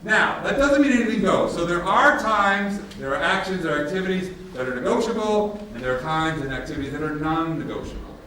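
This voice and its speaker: A man presenting at a workshop, telling stories in a casual, animated way and acting out both sides of conversations. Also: high voice, fairly quick, hardly any pauses, a little hiss or hum. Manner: casual, animated, acts out dialogue. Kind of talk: storytelling workshop talk. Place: large room with audience. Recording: echoey hall from a distance, faint ambience.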